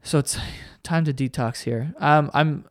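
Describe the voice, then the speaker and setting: A young man with a high voice rambles through a solo podcast, swearing freely and tossing out sarcasm. He trips over his own words and laughs them off, jumping from one gripe to the next. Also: measured pace, no echo, studio quality. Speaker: podcast host. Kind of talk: casual solo podcast rant.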